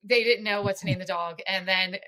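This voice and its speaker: A woman's voice: mid-range voice, steady tone, a little fast, sharp tone. A woman in her forties hosting a podcast interview, talking in an effusive, chatty way full of praise. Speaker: podcast host. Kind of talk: casual interview chat.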